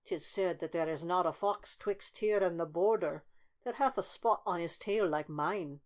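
A woman voicing a sly, wily old male fox who speaks smoothly and flatteringly. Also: fairly low pitch, normal speed, natural voice.

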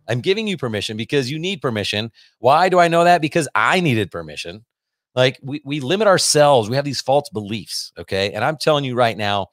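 Middle-aged male podcast host, dry close mic, energetic pep-talk delivery, filler-heavy, mid-pitched. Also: no echo. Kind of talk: casual podcast monologue. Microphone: podcast microphone.

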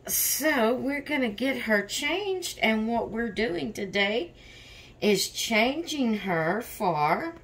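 A woman's voice: a little high, animated, slow, fairly bright tone. A woman hosting a doll vlog in casual chat, tired and yawning, rambling openly about her stress. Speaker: reborn doll channel host.

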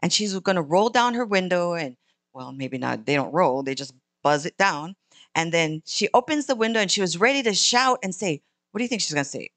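A woman telling a children's story in church, with a lively, animated manner. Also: on the low side, fairly quick, dry recording.

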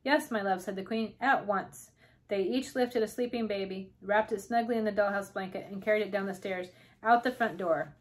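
Woman reader, calm and steady, children's book narration. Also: medium pitch, poor audio. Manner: calm, unhurried storytelling. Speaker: storybook reader. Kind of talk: reading a children's novel aloud.

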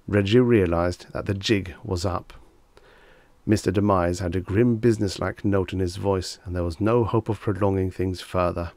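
A man with a low voice reads an old short story aloud in an even, measured way. The recording is dry and close, with no room sound. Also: no room sound. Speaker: audiobook narrator. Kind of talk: scripted audiobook narration.

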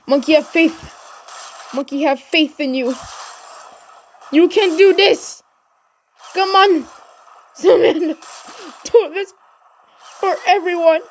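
A high-pitched woman narrates her gameplay in bursts of energy, cheering on her teammate and yelling whenever things heat up. A faint hum of background noise sits under her voice. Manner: energetic, shouts encouragement and cheers. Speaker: gaming channel host. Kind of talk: excited gameplay commentary.

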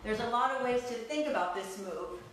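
A woman's voice: on the high side, normal speed, a bit bright, slight background noise. A woman teaching a belly dance class, counting steps aloud in an upbeat, playful way and laughing often. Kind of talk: live online dance class instruction. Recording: echoey room, mic far off.

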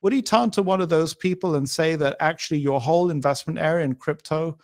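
This podcast guest is a middle-aged man whose voice sits on the high side, with a brisk delivery and a darkish tone. Thoughtful and emphatic, he makes his arguments by working through hypothetical scenarios.

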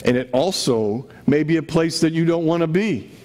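A man's voice: a little high, normal speed, a little mellow. A man preaching a sermon to his congregation in a conversational way, often asking rhetorical questions. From Connecticut. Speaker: pastor.

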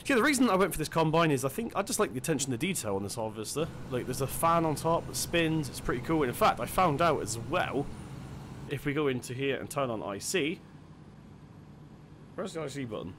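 A man's voice: a little high, sing-song, a little fast, background noise. Chatty man narrating his gameplay. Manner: chatty, self-deprecating, thinks aloud. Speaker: gaming channel host. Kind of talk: casual let's-play commentary.

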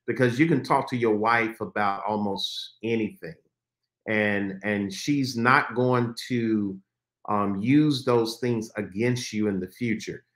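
A man's voice: on the low side, fairly bright tone. A man hosting a talk show as a pastor, speaking in an earnest, preacher-like cadence. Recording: roomy studio echo.

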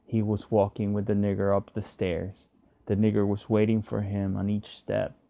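A man narrating a short story in a measured, subdued way. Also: fairly low pitch, flat delivery, vocal fry, warm tone, dry recording. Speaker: reader.

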